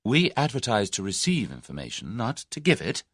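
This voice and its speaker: A man's voice: on the low side, brisk, slightly rough, no room sound, studio quality, voice pushed up, exaggerated voice. Man voicing eager young woman adventurer. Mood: lively. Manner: eager, excitable.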